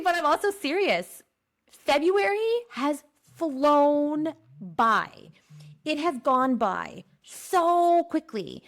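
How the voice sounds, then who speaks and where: A woman from Pennsylvania hosts a spiritual forecast podcast in a slightly high voice. She talks playfully, laughs often and slows down to stretch out her key phrases. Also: animated. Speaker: podcast host. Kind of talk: spiritual energy forecast monologue.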